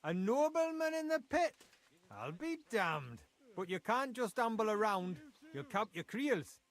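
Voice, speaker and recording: A man's voice: sits high, sing-song, a little slow, full character voice. An actor with a Geordie accent playing a blunt, impatient male mine foreman in a video game. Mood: gruff. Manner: blunt, dialect-heavy, grumbling.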